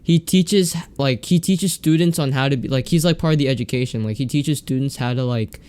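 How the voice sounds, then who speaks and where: A man's voice: medium pitch, fairly quick, darkish tone, smooth. A teenage boy talking casually on a podcast with a friend. He rambles through his thoughts in loose, filler-packed sentences and often breaks into laughter. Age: teens. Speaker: podcast co-host. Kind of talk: casual chat.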